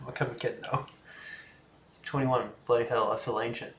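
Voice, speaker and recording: A man's voice: mid-range voice, fairly even intonation, fairly quick, pauses often, fairly bright tone. Chill guy in his 20s chatting on a stream, reads out questions, kinda rambly, roomy echo with faint hum behind. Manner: laid-back, chatty, laughs often, trails off. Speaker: livestream host. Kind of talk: casual livestream chat, reading viewer questions. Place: room in a home.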